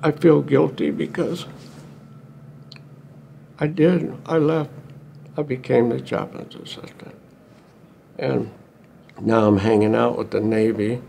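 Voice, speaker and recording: An older man recounts his wartime memories for an oral history project, his voice heavily gravelled and unhurried. He speaks in a plain, slow drawl. Faint music plays beneath him. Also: mid-range voice, darkish tone. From United States. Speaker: veteran telling war story.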